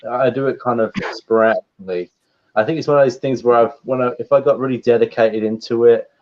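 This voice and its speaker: A man, a guest voice actor, chatting in a relaxed, rambling way on a livestream call, laughing often. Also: on the low side. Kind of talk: casual livestream chat. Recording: dull lo-fi stream audio.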